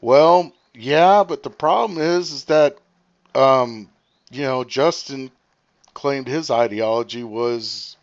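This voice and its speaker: A man hosting his own livestream and chatting casually. He rambles and thinks out loud with lots of fillers, talking fast as he reads comments. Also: mid-range voice, muffled recording. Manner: talks fast while reading comments. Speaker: livestream host.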